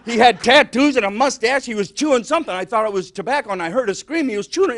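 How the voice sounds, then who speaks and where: A man's voice: very high voice, lively intonation, fast talker, few pauses, fairly bright tone. An older man from Detroit doing rambling, self-mocking stand-up comedy. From Detroit, Michigan. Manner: rambling, self-mocking, exaggerated tall tales.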